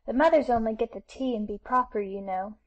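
A showy little girl dressed up as the fine daughter, fussy and quick to take offence, as a woman reads her. The voice is a bit high. It stays near the reader's own voice. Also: muffled recording, natural voice. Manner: indignant, fussy.

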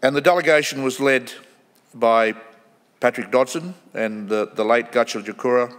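A man's voice: mid-range voice, a bit bright. Australian man lecturing in a reverberant hall. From Australia, Kimberley region. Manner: measured, pausing with ums, acting out quoted voices. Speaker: guest lecturer. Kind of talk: formal lecture with storytelling.

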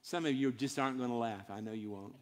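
A man's voice: medium pitch, fast talker. A man preaching a sermon in a church, emphatic and built on short repeated phrases. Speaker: pastor. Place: church sanctuary. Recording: long hall reverb.

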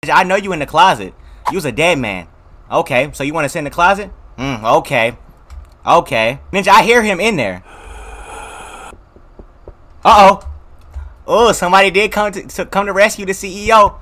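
A man giving let's play commentary, reacting loudly and jumpily as he jokes in slang. His voice sits a little high, with a bright, forceful edge. His pitch swings wide between cracks and drops. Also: animated, normal speed, pauses often, slight background noise. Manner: loud, jumpy, joking reactions full of slang. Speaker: gaming video creator.

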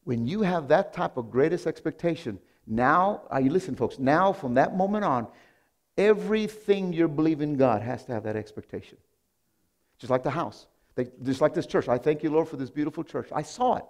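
A man pastor preaching a sermon, telling a story in a hushed voice and then breaking into loud, animated exclamations. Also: on the high side, fairly quick. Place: church sanctuary.

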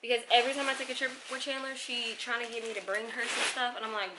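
A young woman vlogger chatting excitedly to her viewers while she unboxes packages at home. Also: a little high, quick pace, hardly any pauses, heavy background noise. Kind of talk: casual unboxing vlog.

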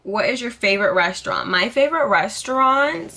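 Sassy, bright-voiced young woman vlogger. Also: on the high side, lively intonation, fairly quick, creaky, few pauses, slight background noise. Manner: sassy, dramatic, swears freely. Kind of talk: casual get-to-know-me vlog.

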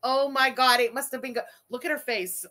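A woman streamer reacting live, her voice high and bright with a tense edge. She swears freely and bursts into laughter and indignant rants, and she thanks viewers between outbursts. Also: brisk. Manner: excitable, profane, laughing outbursts.

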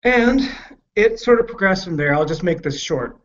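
A man's voice: high voice, animated, a bit bright. A man telling a painful personal story frankly and candidly, swearing freely and often stopping and restarting as he talks. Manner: frank, profane, halting and emotional. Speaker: podcast guest. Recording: muffled lo-fi podcast audio.

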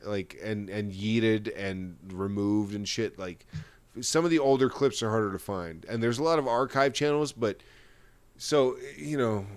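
A man's voice: lowish voice, a little slow, clean tone. A man hosting a podcast, ranting and swearing in casual commentary. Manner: profane, ranting, animated. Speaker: podcast host.

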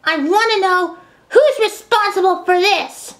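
A performer with a very high voice playing an indignant female train engine in a fan-made toy train video. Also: a little slow, a bit bright.

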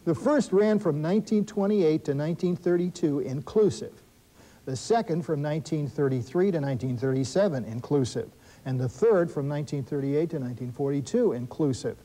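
A man hosting a school quiz show, reading questions briskly and adding wry asides and corrections for the teams. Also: fairly high pitch, lively intonation, dark tone, rough recording. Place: television studio.

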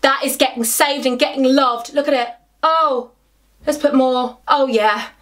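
A woman's voice: sits high, steady tone, measured pace, a bit bright. A young woman filming a makeup vlog from her bedroom, gushing and chatty, often talking to herself. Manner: bubbly, gushing, talks to herself. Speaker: beauty vlogger. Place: home bedroom.

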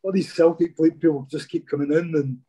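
A man's voice: a little high, steady tone, fairly quick, dark tone. A Scottish man, a former footballer, telling stories casually in an interview and often saying "mate". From Scotland. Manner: chatty, says "mate" a lot.

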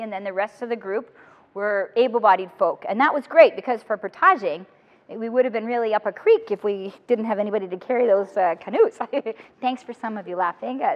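A woman speaker telling an animated, humorous story to a room of student teachers. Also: on the high side. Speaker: motivational speaker. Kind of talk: lively talk to student teachers. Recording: long hall reverb, dull lo-fi sound.

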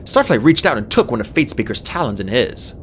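A woman narrating a fantasy audiobook in an expressive storybook style. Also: brisk, slight background noise. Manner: expressive, swings pitch widely.

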